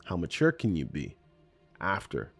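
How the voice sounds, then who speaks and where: A man's voice: deep voice, wildly swooping pitch, measured pace, gravelly, soft background music. A man hosting a solo podcast, talking in a rambling, conversational and self-deprecating way in his morning voice. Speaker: podcast host.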